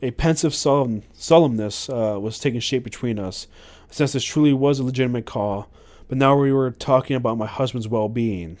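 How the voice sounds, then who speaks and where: A man's voice: mid-range voice, moderate pace, a little mellow. A man hosting a podcast, reading a memoir aloud with frequent stumbles and self-corrections. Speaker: podcast host.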